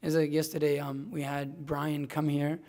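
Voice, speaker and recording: A man's voice: fairly high pitch, flat delivery, moderate pace, dark tone. A young man sharing a casual, heartfelt testimony at a scripture class, rambling with many likes and restarts. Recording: long echoey hall reverb.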